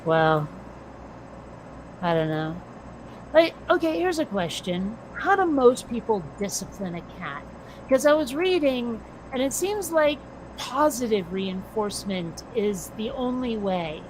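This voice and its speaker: An American woman co-hosting a casual chat, blunt and quick to swear. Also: a little high, big pitch swings, a little mellow. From United States. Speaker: podcast co-host. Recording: noisy background.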